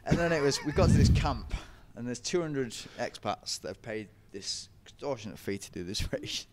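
A man's voice: medium pitch, animated, moderate pace, darkish tone. A young man, telling running stories in a casual interview, chatty and laughing often. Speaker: podcast guest, ultra runner.

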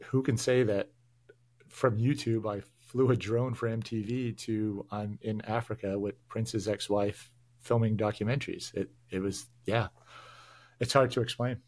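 A man's voice: on the low side, a little slow. A man, a firefighter guest on a podcast, telling stories over a remote call with stumbles and restarts. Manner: animated storytelling, stumbles and restarts. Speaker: firefighter and public information officer, guest. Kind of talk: casual interview chat. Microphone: remote video call.

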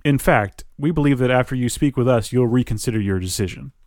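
A man's voice: medium pitch, quick pace, a little mellow, dry recording, clean studio sound, natural voice. Creepy old HR woman, read by a man. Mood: threatening. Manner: clipped, threatening. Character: grumpy old woman HR officer, creepy, predatory.

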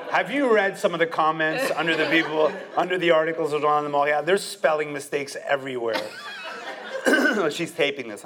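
A man, a stand-up comedian, talking casually in an interview, animated and often breaking into laughter with quick asides. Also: fairly high pitch.

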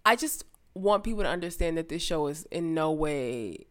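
Blunt woman, lowish voice. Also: animated, normal speed. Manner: blunt, opinionated, swears casually. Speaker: podcast co-host. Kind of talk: casual chat.

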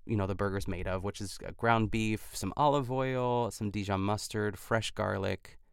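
A man's voice: fairly low pitch, moderate pace, vocal fry, clean tone, no room sound, clean studio sound. A man hosting a podcast, recapping in casual chat and filling his talk with "like" and restarts. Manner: chatty, lots of "like" fillers and restarts. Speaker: podcast host.

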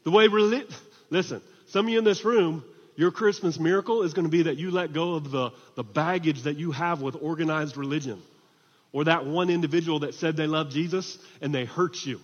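High-voiced animated preacher in a hall. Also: male voice, a little fast. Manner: animated, swings from hushed to shouting. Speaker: pastor. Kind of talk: sermon. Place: church hall. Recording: muffled hall reverb.

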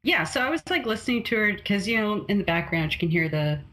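A young woman in casual conversation, chatty and quick to laugh, with plenty of fillers. Her voice is bright and forward. She sounds like a relaxed podcast co-host. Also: medium pitch, a little hiss or hum. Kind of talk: casual chat.

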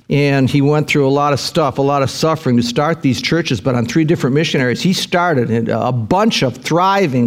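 A male pastor with a slightly high voice delivers a sermon, reading scripture. He adds folksy asides and breaks into bursts of rising emphasis.

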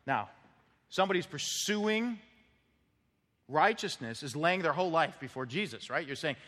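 A man preaching a sermon as pastor, animated, acting out quoted voices and repeating words as he builds up. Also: on the high side, normal speed. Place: church sanctuary. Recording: long reverb of a church hall.

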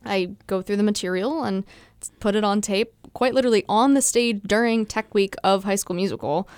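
A woman in her twenties, a stage actor telling stories in a casual interview, animated and chatty. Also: medium pitch, a little fast, clear, resonant tone, no room sound, clean studio sound.

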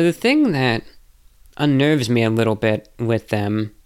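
A man's voice: medium pitch, clear, resonant tone. A man answering viewer questions in a casual, rambling monologue, hesitant and self-reflective.

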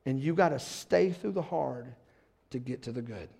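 A middle-aged male pastor preaching a sermon in a church, dropping to a hush and then building to shouts, laughing along with the congregation. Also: medium pitch, animated, moderate pace, creaky, breathy edge. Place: church sanctuary.

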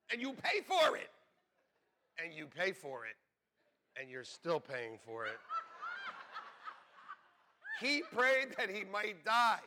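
Joking, dynamic male pastor, bright tone. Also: high voice, slight background noise. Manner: conversational, joking asides, drops to near whispers then builds to shouts. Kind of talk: sermon.

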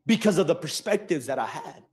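A young male preacher with a high voice gives a personal testimony from the pulpit. He sinks into quiet reflection and then climbs into loud, shouted emphasis that carries off the microphone across the church. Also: animated, fairly quick. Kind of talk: sermon.

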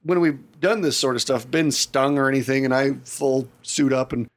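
A man's voice: medium pitch, moderate pace. A man on a casual podcast telling a story with animation and acting out his own reactions. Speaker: podcast co-host.

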